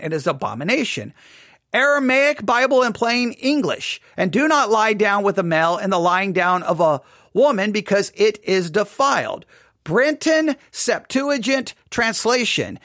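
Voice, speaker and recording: A man's voice: sits high, fairly bright tone, dry recording, clean studio sound. A man reading a string of verses aloud at speed, then thinking aloud with restarts and fillers as he looks things up. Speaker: commentator. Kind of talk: reading aloud and casual commentary.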